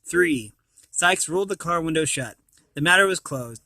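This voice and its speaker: A man reading a children's storybook aloud, now and then stumbling and restarting a word. His voice is bright and a little high. The sound is close and dry. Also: fairly quick, dry recording. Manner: animated reading, occasional slips and restarts. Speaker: storybook reader.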